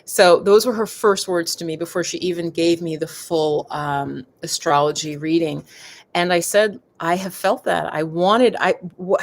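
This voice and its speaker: Chatty woman, rambling live-stream talk. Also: on the low side. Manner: chatty and digressive, addressing viewers as "you guys". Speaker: yoga and meditation host. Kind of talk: casual live-stream chat.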